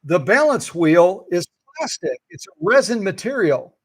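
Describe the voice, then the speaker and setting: Playful gravelly man in a dry room. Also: high voice, sing-song, a little slow, no room sound, poor audio. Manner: playful, teasing quizzes to viewers. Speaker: sewing machine restorer and channel host. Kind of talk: casual hands-on demonstration.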